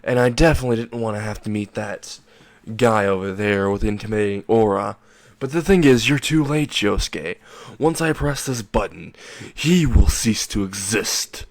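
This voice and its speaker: A man voicing a smug adult male villain in a fan-made anime story, gloating through slow, drawn-out threats. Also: lowish voice, no echo, lightly acted.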